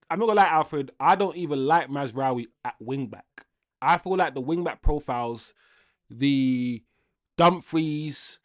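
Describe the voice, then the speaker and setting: A young man hosting a live football watchalong, ranting casually to his chat and swinging between loud outbursts and low muttering. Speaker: livestream football watchalong host.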